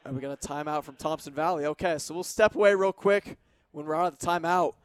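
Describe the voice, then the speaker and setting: A young man calling football play-by-play on college radio, brisk and detailed about formations and yardage. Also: fairly high pitch, smooth. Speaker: play-by-play announcer. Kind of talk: radio sports commentary.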